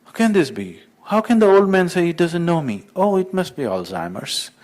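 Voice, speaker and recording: A man's voice: a little high, sing-song, moderate pace, darkish tone, a little hiss or hum, voice pushed up. A man voicing an indignant, self-important Pope turned away at heaven's gate, talking with pompous outrage. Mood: insistent.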